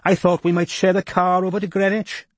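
A man voicing a stately older woman minister with a Welsh accent, speaking in a deep, melodious, composed way. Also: level tone, a little fast, no echo.

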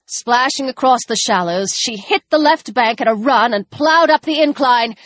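A woman narrating a tense, dramatic novel, dropping her voice low for grim moments. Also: animated, moderate pace, hardly any pauses, fairly bright tone, no room sound. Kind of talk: audiobook narration.

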